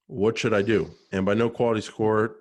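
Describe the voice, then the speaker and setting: A man's voice: lowish voice, little pitch movement, moderate pace. A man co-hosting a podcast, reading sponsor spots with energy and a salesy push, then reading listener questions. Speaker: podcast co-host. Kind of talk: podcast chat and sponsor read.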